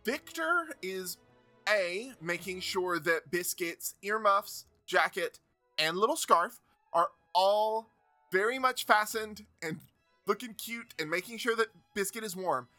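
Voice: medium pitch, lively intonation, takes it slowly, bright, forceful tone, dry recording, faint music behind. A game master narrating a tabletop role-playing game in an easygoing, descriptive way.

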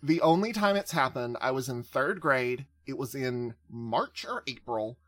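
A man as game master, explaining the rules deliberately with many fillers. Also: mid-range voice, lively intonation, fairly bright tone, no echo.

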